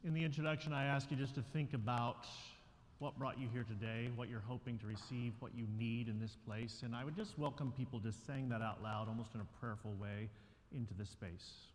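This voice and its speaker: Pastor, man, calm prayerful delivery, echoing sanctuary with faint room hum. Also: mid-range voice, a little fast. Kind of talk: sermon and prayer. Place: church sanctuary. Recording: reverberant church with faint room noise.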